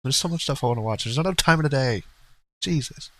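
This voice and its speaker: A man's voice: medium pitch, expressive, quick pace, fairly bright tone, dry recording, poor audio. A man co-hosting a livestream in casual, rambling chat, blunt and profane, laughing now and then. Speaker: streamer co-host.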